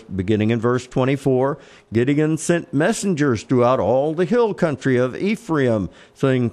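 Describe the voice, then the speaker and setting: A man with a Texan accent preaching a sermon, reading scripture in slow, emphatic phrases. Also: mid-range voice, a little mellow. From Texas.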